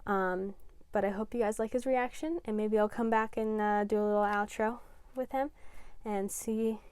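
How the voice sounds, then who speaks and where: A woman's voice: medium pitch, fairly even intonation, normal speed, a little mellow, clean tone, dry recording. A young adult woman vlogging casually, rambling and emotional with lots of fillers. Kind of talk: casual vlog chat.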